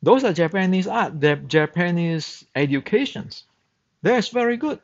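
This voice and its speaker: Man, native Chinese speaker, blunt lecturing instructor in broken English, slow unhurried delivery, muffled lo-fi recording. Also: sits high, expressive. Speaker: Wing Chun instructor. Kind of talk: opinionated monologue. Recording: dull, muffled lo-fi sound.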